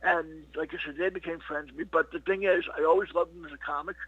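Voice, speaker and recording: A man's voice: fairly high pitch, fairly even intonation, fast talker, slightly rough, no echo. A middle-aged man, a comedian being interviewed, telling stories in a rambling casual way, full of "you know what" and "he goes". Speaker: comedian guest. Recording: dull lo-fi dry recording.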